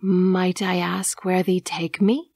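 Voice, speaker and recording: A woman's voice: medium pitch, lively intonation, a little slow, gravelly, husky, no echo, clean studio sound, voice pushed up, heavily acted. A woman voicing an innocent, nervous young village maiden who speaks in old-fashioned, polite phrases in an audiobook. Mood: pleading. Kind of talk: audiobook character voice.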